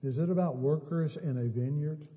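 A man's voice: on the high side, moderate pace, muffled recording. A man preaching a sermon to his congregation, building to emphatic, repeated appeals. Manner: rising to emphatic exhortation, repeating phrases. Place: church sanctuary. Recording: church hall reverb.

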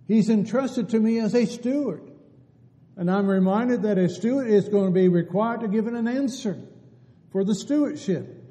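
A man's voice: sits high, mellow. A man preaching a sermon in an earnest, pleading way, asking many rhetorical questions. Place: church sanctuary. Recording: church hall with long reverb.

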